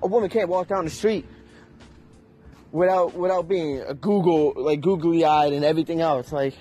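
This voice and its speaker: A man's voice: on the high side, moderate pace, warm tone, slightly rough, soft background music. A young man ranting in an unscripted, heated and profane way, with emphatic delivery. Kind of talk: unscripted rant.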